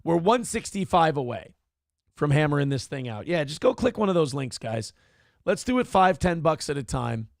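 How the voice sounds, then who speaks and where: A man hosting a morning show, ranting with profane sarcasm in a high, gravelly voice. His pitch swings widely as he talks, and the sound is dry and close. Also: big pitch swings, normal speed, dry recording. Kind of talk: ranting commentary on news clips.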